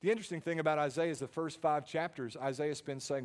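Man preaching with hushed-to-loud swings. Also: a little high, fairly even intonation, quick pace. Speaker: pastor. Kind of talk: sermon.

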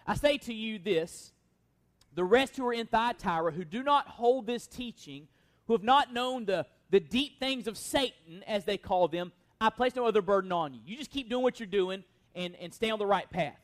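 A man's voice: high voice, lively intonation, moderate pace. A man pastor delivering an expository sermon, earnest and emphatic, posing rhetorical questions to the congregation.

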